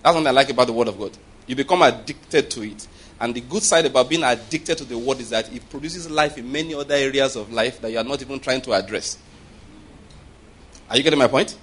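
A male preacher with a husky, slightly breathy voice, delivering an animated sermon. He keeps checking in with his listeners and acts out short voices to drive each point home. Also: mid-range voice, a little fast. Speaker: pastor.

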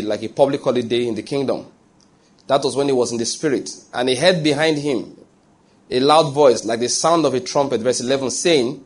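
A man with a mid-pitched voice preaches a sermon. He reads scripture aloud at an unhurried pace. He often stops to ask his listeners whether they follow him. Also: darkish tone.

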